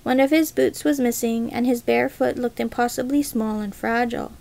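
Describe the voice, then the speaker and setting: A woman reading a first-person story aloud as a storyteller, with a measured, dramatic delivery. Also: fairly high pitch, steady tone, gravelly, darkish tone. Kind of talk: scripted first-person narration.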